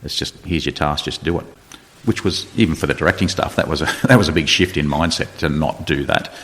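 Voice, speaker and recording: Very deep gravelly man. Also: fast talker, a little hiss or hum. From Australia. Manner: relaxed storyteller, retells dialogue, light laughs. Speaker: guest, retired special forces sergeant major. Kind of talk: casual podcast conversation. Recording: reverberant room.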